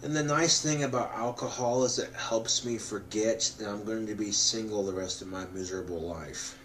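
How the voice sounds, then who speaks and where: A drunk man rambling to the camera, swearing often and breaking into loud outbursts. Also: lowish voice, normal speed, a little hiss or hum. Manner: profane, swings into loud outbursts.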